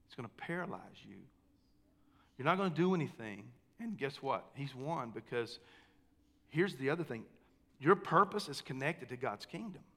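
A man preaching a sermon as pastor, talking with the congregation, calling for amens and swinging between hushed and emphatic lines. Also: medium pitch, lively intonation, normal speed. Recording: long hall reverb.

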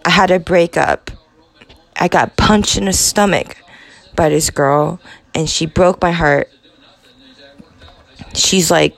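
A young woman in her twenties hosts a podcast, telling a personal story in a halting, profane confessional monologue. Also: on the low side, vocal fry, no echo. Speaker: podcast host.

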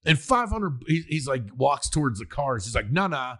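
Man, podcast host, husky, lively pitch, profane casual film chat. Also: normal speed. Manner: profane, animated, acts out movie lines.

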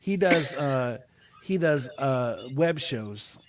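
A man hosting a casual web show, chatting over a remote call. His voice sits at a middle pitch, and he talks in a halting way, full of "uh" and restarts. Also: lively intonation, noisy background. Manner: halting, many fillers and restarts. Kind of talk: casual chat.

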